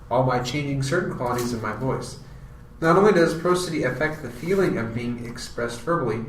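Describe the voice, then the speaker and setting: A man reading a scripted class presentation in a steady, explanatory way. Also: mid-range voice, roomy sound, recorded from a distance, a little hiss or hum, rough recording. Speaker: student presenter.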